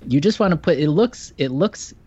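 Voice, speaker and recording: A man's voice: fairly high pitch, lively intonation, normal speed, dark tone, breathy edge, lo-fi sound. A man co-hosting a casual chat, making wry, teasing asides. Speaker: co-host.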